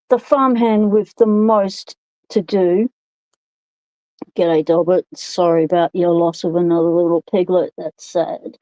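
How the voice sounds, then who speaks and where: A woman's voice: medium pitch, warm tone, dry recording, muffled recording. Chatty Australian woman hosting a livestream. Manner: chatty and rambling, greeting viewers by name. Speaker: livestream host. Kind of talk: casual livestream chat. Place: home workshop. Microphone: phone microphone.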